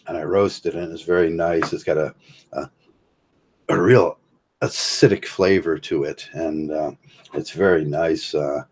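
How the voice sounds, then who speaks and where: His pitch is extremely low, a little mellow and husky. The Ohio-born livestream host, Midwestern accent and all, rambles about philosophy with halting speech, lots of fillers and restarts, and regular chuckling.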